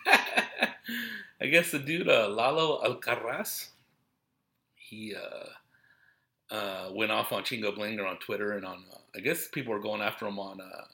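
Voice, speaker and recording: A comedian recounts stories from his shows in a relaxed, rambling chat, heavy on profanity and slang, with quotes played out in character. His lowish voice is animated yet unhurried, broken by long pauses, and comes across bright and forceful.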